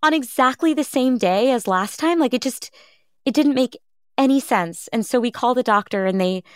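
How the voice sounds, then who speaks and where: Her voice is high-pitched and her speed normal, recorded with studio quality and no room sound. She's a podcast host in her thirties being interviewed about her life, speaking earnestly and reflectively and vividly reenacting other people's lines.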